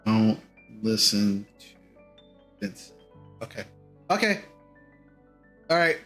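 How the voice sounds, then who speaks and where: A man's voice: on the low side, very animated, takes it slowly, a bit bright, faint music behind. A man narrating a tabletop game as game master, hesitant with many fillers.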